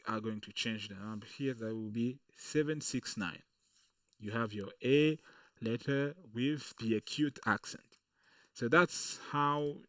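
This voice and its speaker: A man teaches a screen-recorded coding lesson, explaining patiently and checking in with "okay" along the way. His voice is medium-pitched and fairly bright, recorded dry from a distant mic with the highs cut off.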